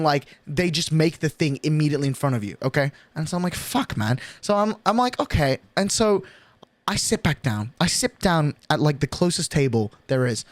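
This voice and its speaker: A young man streamer telling a story in casual chat, animated and swearing a lot, from his bedroom at night. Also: a little high, dry recording. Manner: animated, swearing, excitable rant.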